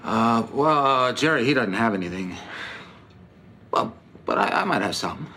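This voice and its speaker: An actor playing an eccentric, excitable male neighbor in a sitcom scene, talking haltingly. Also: mid-range voice, slight background noise. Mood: awkward. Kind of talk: sitcom acting.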